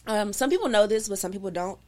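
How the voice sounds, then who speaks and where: A woman telling a story as a podcast guest, animated and calling her listeners y'all. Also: mid-range voice, fast talker. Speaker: podcast guest, hair oil maker. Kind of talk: casual storytelling chat.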